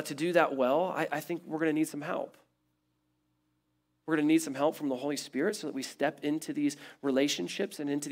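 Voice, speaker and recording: A man preaching a sermon as pastor, building emphatic repeated phrases and then dropping to a quiet, low close. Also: creaky.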